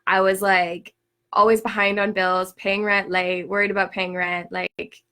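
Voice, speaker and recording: Brief: young woman host, bright clear tone, chatty and animated, filler-heavy live-stream storytelling. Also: medium pitch, measured pace. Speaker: spiritual teacher hosting a workshop. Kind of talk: casual storytelling talk. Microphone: live stream, reads viewer comments.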